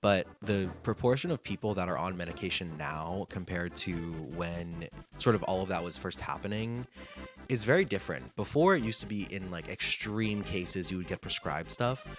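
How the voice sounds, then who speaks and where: A man with a fairly low voice tells stories vlog-style, chatty and animated, slipping in sassy slang and playing out little bits of dialogue. Guitar music plays clearly underneath the whole time. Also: normal speed. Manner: chatty, animated, reenacts conversations. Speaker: vlogger. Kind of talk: casual storytelling monologue.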